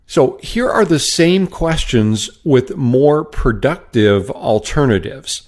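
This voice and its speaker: A man's voice: medium pitch, expressive, slow, darkish tone. A middle-aged man hosting a solo sales-training podcast, upbeat and coaching.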